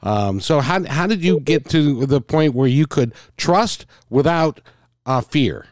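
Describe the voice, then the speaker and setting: A man hosting a casual interview, speaking in a halting way with many restarts. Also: fairly high pitch, no room sound, clean studio sound. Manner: halting, restarts, lively intonation.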